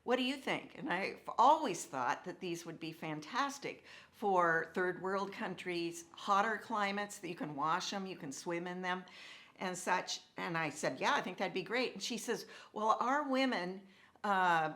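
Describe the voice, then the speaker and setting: Woman telling a story with lively dialogue. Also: on the low side, a little slow. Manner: animated, acts out quoted dialogue. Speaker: speaker telling her story. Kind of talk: personal storytelling talk.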